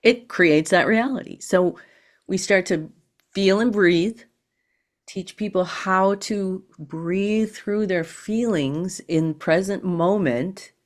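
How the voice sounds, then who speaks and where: A woman guest on an interview podcast, explaining ideas in a calm, teaching manner. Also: medium pitch, slow. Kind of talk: interview conversation.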